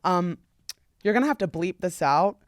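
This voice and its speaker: Animated young woman retelling a clash. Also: fairly low pitch, normal speed, no room sound. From US tri-state area around New York. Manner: dramatic retelling with loud acted-out quotes, frequent "like". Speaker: podcast host. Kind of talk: casual chat, animated storytelling.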